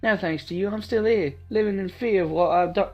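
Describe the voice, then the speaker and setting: A man's voice: high voice, fairly quick, soft background music, voice pushed up. A man voicing a desperate young woman who has escaped slavery, in a pleading, distraught put-on British accent.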